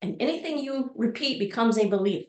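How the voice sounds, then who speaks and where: A woman's voice: fairly high pitch, lively intonation, fairly quick, a little mellow. A woman giving a motivational talk as a personal story, speaking expressively and acting out the voices she quotes. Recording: roomy echo.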